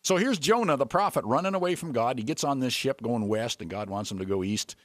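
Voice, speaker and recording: A man preaching a sermon, retelling a story with lively voices for its characters. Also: mid-range voice, brisk, no room sound, studio quality.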